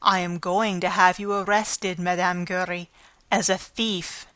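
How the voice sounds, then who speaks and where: A woman's voice: on the low side, level tone, a little slow, pushed and bright, dry recording. A woman reading an audiobook, voicing a hot-tempered male theatre manager who roars and blusters. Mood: angry. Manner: roaring, blustering.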